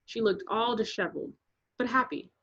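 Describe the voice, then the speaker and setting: A woman narrating a children's chapter book aloud in a lively, rhythmic reading. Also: on the high side, moderate pace. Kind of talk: storybook read-aloud. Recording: dull lo-fi recording.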